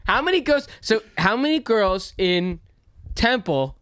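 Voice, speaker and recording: A young man with a fairly high voice hosts a sports podcast, reacting in excitable, profane bursts. He is recorded close and dry. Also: measured pace, smooth, dry recording. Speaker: podcast host. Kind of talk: casual sports podcast chat.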